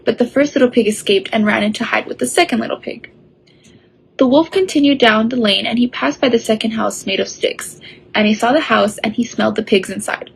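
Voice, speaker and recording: A woman reading a children's story aloud in a steady storytelling way. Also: a little high, creaky, husky, low-quality recording. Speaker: story reader.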